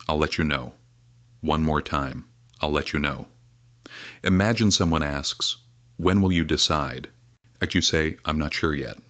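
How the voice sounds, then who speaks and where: Low-voiced guy running english repeat-after-me drills, very dry sound. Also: fairly bright tone, no room sound. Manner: slow, clear drill delivery with many repetitions. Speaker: English teacher. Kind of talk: scripted lesson narration.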